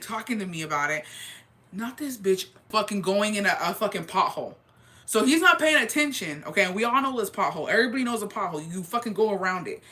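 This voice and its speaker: A woman tells a story in a casual, animated chat. Her voice is bright, and she talks quickly, swears freely and drops into Spanish. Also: mid-range voice. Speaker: vlogger.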